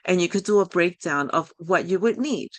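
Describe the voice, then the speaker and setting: Woman life coach, accented English, lowish pitch, dry call audio, warm-up workshop ramble. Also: lively intonation, normal speed, dry recording. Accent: non-native English accent. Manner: encouraging, loose and rambling, many fillers and apologies. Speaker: life coach leading a group session. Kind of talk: online workshop talk.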